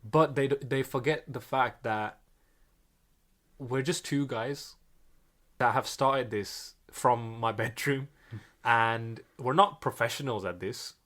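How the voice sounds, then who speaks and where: A man's voice: mid-range voice, takes it slowly, a bit bright. A young man with an Indian accent blended with British and American sounds talks earnestly as a podcast co-host. He often restarts his phrases as he works through his thoughts. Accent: Indian mixed with British and American. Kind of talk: reflective podcast chat.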